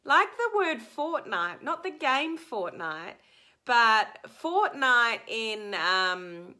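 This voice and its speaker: A woman's voice: on the high side, sing-song, very slow, bright, forceful tone. A middle-aged Australian woman coaching on social media in a chatty live stream, reading out and answering viewer comments with frequent ums.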